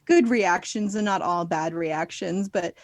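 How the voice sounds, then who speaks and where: A woman's voice: on the low side, unhurried, dry recording. Chatty, upbeat woman podcast co-host. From Florida, US. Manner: chatty, upbeat, laughs often. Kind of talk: casual chat.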